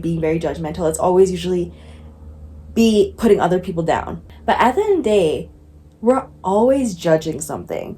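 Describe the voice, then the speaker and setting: Young woman, casual self-reflective vlogger, candid with frequent laughs, mid-pitched voice. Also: dark tone. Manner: candid, laughs often, says "like" a lot, swears casually. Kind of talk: casual reflective vlog talk.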